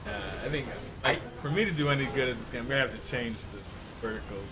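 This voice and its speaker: A man's voice: medium pitch, quick pace, a crowd in the background. An American man in a casual chat, giving short replies and laughing often. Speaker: guest.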